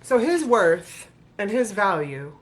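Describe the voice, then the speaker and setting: A woman's voice: mid-range voice, very animated, slow pace. A woman reads a children's book aloud in rhyme, breaking off often for sarcastic, playful comments to her viewers. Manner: sarcastic, playful commentary between read lines. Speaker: vlogger reading a children's book. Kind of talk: reading aloud with joking asides.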